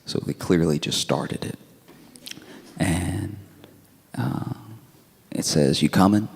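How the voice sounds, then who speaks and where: A man doing stand-up comedy, telling a story in a conversational, animated way with laughing asides. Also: low-pitched, drawn-out words, gravelly, a little hiss or hum.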